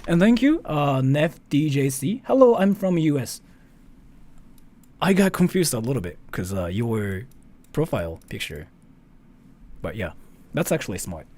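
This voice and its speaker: A man from Japan hosts a live stream, chatting casually and reading donations in a rambling, excitable, animated way, swearing mildly and often. His voice is mid-range and unhurried, with long pauses.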